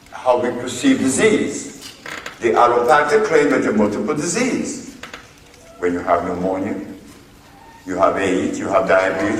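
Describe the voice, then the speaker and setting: Man, herbal lecturer, slow emphatic storyteller, recorded from afar in a large hall. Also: medium pitch. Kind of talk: recorded lecture retelling a court case. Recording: echoey hall from far off, faint noise.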